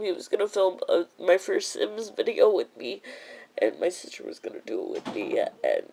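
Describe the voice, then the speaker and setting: An upset, frustrated vlogger ranting straight to the camera. The voice jumps up and down in pitch as it rambles and vents, with plenty of filler words. There's a gravelly edge running through it. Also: big pitch swings, normal speed, darkish tone, poor audio. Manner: rambling, venting with many fillers. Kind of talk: emotional vlog rant.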